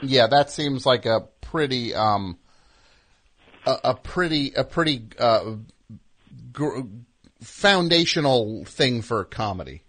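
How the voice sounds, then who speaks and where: A man's voice: medium pitch, lively intonation, takes it slowly, a bit bright. A man hosting a comedy call-in show, answering a caller with dry, wry remarks. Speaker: host.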